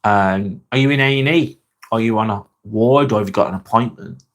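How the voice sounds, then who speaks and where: A man's voice: lowish voice, fairly quick. An English man hosting a live vlog from a spare bedroom, chatting casually with viewers, rambling and repeating himself with lots of ums, on a clip-on mic. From England. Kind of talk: casual live-stream chat reading comments. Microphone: wireless clip-on mic.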